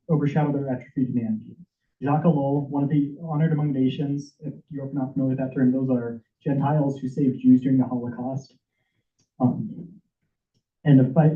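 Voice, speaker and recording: A man giving an impassioned, emotional prepared speech as a public commenter at a senate meeting, urgent and stumbling at times. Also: medium pitch. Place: meeting hall. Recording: echoey room over tinny phone-like audio.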